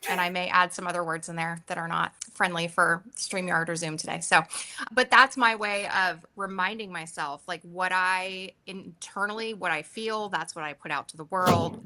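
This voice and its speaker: A woman real estate agent on a panel, speaking in an earnest, steady, motivational way. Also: lowish voice. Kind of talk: reflective panel talk.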